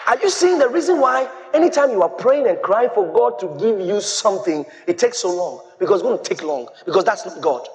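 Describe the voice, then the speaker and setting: A man preaching a sermon as pastor, quoting scripture and breaking into shouts. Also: sits high, animated, brisk, hardly any pauses, a little hiss or hum.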